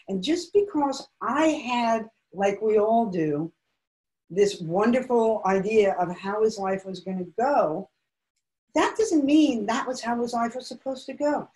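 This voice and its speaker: A woman's voice: on the high side, animated, unhurried, darkish tone, low-quality recording. A middle-aged woman from Los Angeles, a guest author candidly telling a personal family story in an emotional, reflective way. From Los Angeles, United States.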